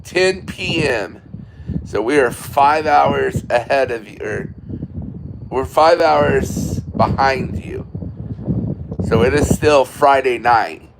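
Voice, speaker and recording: An American man chats casually into his phone on an outdoor porch, answering viewer comments in a loose, rambling way. His voice sits at an ordinary middle pitch. Heavy wind buffets the mic, with traffic faint behind it. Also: takes it slowly, gravelly. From United States. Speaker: livestream host. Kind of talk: casual late-night livestream chat. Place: outdoors on a windy porch at night.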